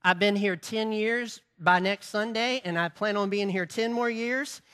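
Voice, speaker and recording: A pastor preaches with a bright, ringing mid-range voice at a moderate pace, driving points home with repetition and rhetorical questions to the congregation. His delivery rises into forceful, emphatic passages.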